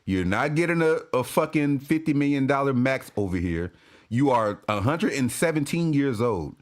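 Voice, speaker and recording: Lively-voiced man ranting with laughter. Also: medium pitch, moderate pace. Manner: laughing, profane, repeats himself. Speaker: sports fan commentator. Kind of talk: casual rant to camera.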